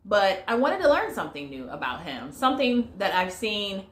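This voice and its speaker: Talking straight to her viewers as "y'all," this American woman gives a chatty, filler-heavy vlog movie review. Her medium-pitched voice is very animated at a moderate pace, with a roomy sound and a little hiss or hum.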